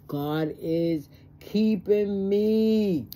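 A woman's voice: low-pitched, measured pace, dark tone, slightly rough. A stressed woman talking plainly and emotionally in a personal vlog, acting out both sides of conversations. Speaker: vlogger. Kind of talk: personal monologue to camera.

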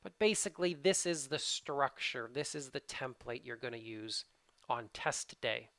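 Fast-talking teacher with a Canadian accent. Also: mid-range voice, lively intonation, fairly bright tone, dry recording. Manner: fast-talking, casual, informal asides. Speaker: English test prep teacher. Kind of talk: video tutorial.

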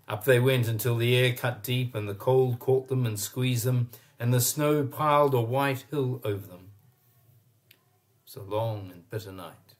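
Man reading a children's story aloud. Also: medium pitch. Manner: expressive, pauses to point at pictures.

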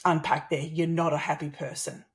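A woman's voice: deep voice, normal speed. A woman in her thirties with an Australian accent, a guest telling a personal story in conversation and acting out the dialogue. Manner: animated, acts out quoted dialogue.

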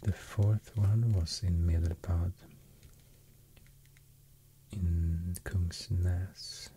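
A man with a Swedish accent speaking softly in ASMR style, half whispering and pausing often with fillers as he rambles through an explanation. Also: low voice, fairly even intonation, a little hiss or hum. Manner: soft, mostly whispered, hesitant with many fillers. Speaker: ASMR host.

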